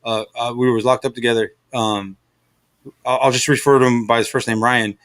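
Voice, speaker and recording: A man's voice: mid-range voice, steady tone, fairly quick, fairly bright tone. A middle-aged man from the Los Angeles area telling a long story in casual chat, rambling and profane, with lots of fillers. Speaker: stream host.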